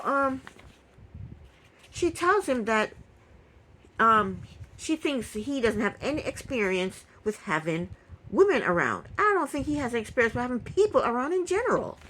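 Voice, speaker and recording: Animated opinionated woman recapping TV. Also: high voice, poor audio. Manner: opinionated, indignant commentary with quick asides. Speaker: reality TV recap vlogger. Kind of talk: casual spoken recap.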